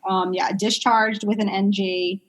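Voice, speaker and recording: A woman working as a pediatric speech therapist, chatting casually in an interview and telling stories with lots of fillers and animated quoted voices. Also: medium pitch, measured pace. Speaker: pediatric speech-language pathologist guest.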